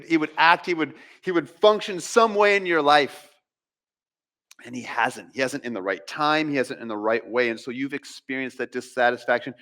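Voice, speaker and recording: A pastor preaching a sermon from the pulpit, impassioned, with dramatic rises and drops in his voice. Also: a bit bright. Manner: impassioned preaching with dramatic pitch swings and pauses. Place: church sanctuary.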